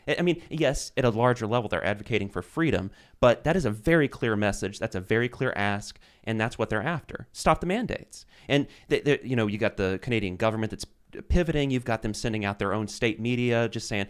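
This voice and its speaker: A man on a political talk show, talking in an animated way and often slipping into quoted voices. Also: on the low side, fairly quick, hardly any pauses, clear, resonant tone. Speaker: podcast guest.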